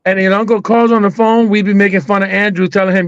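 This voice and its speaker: A man co-hosting a casual chat, animated and playful, swearing freely. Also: high-pitched, quick pace, clean tone, no room sound, dull audio. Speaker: co-host.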